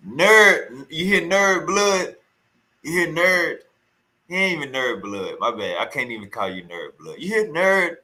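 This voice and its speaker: A male streamer giving loud, teasing reaction commentary, repeating his taunts again and again. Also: fairly high pitch, expressive, a little slow, rough recording.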